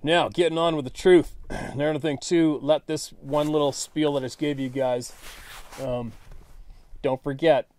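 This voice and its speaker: A man's voice: fairly high pitch, fairly even intonation, moderate pace, a little mellow. A man hosting his own channel, talking straight to viewers in a blunt, frustrated way, with some swearing. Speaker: channel host. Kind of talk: casual monologue to viewers.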